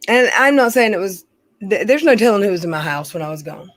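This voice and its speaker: A woman's voice: mid-range voice, animated, fast talker. A middle-aged woman, chatting casually on a livestream, rambling, venting and swearing as she reads her chat.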